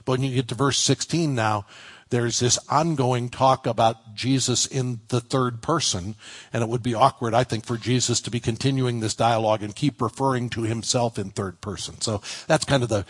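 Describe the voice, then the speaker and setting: A middle-aged male pastor preaching an expository sermon in a conversational way, slowing down to stress single words. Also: mid-range voice, slightly rough.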